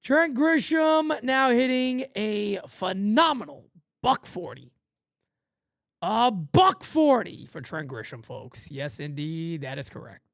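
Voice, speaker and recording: A man's voice: high-pitched, very animated, slow pace, vocal fry, a bit bright, dry recording, clean studio sound. Sarcastic man calling a live game. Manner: sarcastic, exasperated fan commentary. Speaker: host. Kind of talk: live play-by-play with reactions.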